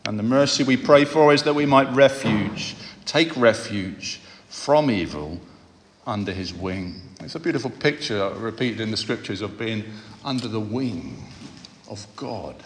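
A man preaching a sermon, speaking in a measured way and repeating phrases for emphasis. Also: fairly low pitch, expressive, a little hiss or hum. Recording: long hall reverb.

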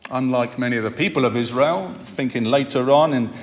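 A man preaches a sermon. He speaks in a measured, unhurried way and leans on repetition for emphasis. His voice rings out in a hall with long reverb. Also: medium pitch.

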